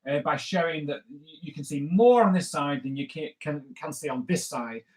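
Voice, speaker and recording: Male comics artist, slightly high voice, loose jokey drawing tutor. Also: normal speed. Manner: chatty, rambling, with jokey asides. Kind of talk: live drawing lesson.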